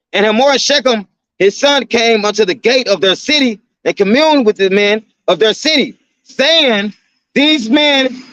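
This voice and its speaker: Very high-voiced man reading scripture casually. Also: a bit bright. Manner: slangy, conversational, keeps asking "right?"; slows down and lifts his voice to read verses. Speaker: scripture teacher. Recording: dull, lo-fi, dry sound.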